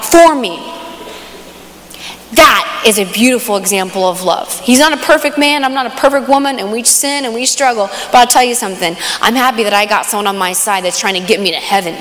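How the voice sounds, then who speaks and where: A young woman giving a conference talk, telling a personal story with animated, excited storytelling. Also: a little high, moderate pace. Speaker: conference speaker. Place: large hall. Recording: live hall with long reverb.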